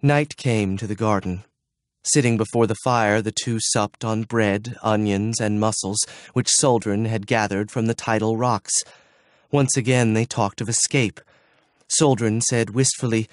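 A man reading fantasy audiobook narration in a measured, even storytelling manner on a close mic. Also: fairly low pitch, dry recording. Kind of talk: scripted narration.

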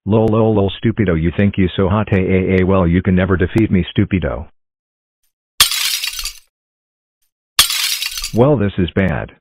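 A man's voice: low voice, fairly quick, narrow, tinny audio, background noise. A man voicing a boastful, bullying male astronaut who taunts and calls everyone names in broken grammar.

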